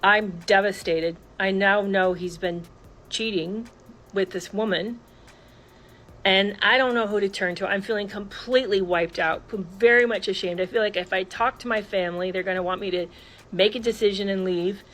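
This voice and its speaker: A woman telling a personal story in an earnest, halting way, with many restarts. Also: mid-range voice, fairly even intonation, fairly bright tone, rough recording.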